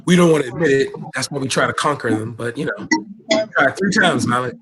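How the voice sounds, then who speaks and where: A man's voice: mid-range voice, a little fast, crowd noise. A man hosting a casual livestream chat, full of teasing, mock-outraged banter. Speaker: host.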